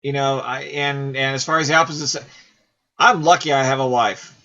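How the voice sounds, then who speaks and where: Rambling man in his forties, bright tone. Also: medium pitch, fairly even intonation, moderate pace, lo-fi sound. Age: 40s. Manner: rambling, self-deprecating, laughs often. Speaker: host. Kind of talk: casual commentary while playing a game.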